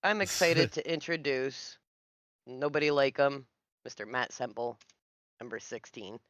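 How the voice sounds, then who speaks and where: A man's voice: mid-range voice, moderate pace, a bit bright, no room sound, dull audio. A man co-hosting a casual chat, upbeat and laughing as he hypes the guests. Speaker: podcast co-host.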